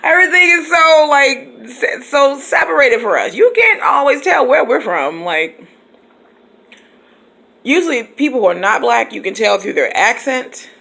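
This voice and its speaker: A woman's voice: on the high side, creaky, a bit bright. A woman teacher from Michigan, chatting casually in her car and laughing often. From Michigan, USA. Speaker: teacher and vlogger. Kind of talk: casual chat.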